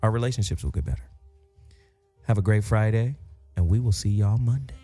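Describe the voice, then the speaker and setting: Joking low-voiced male radio host. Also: fairly quick, mellow, soft background music. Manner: loose, profane and joking. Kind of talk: casual radio talk show.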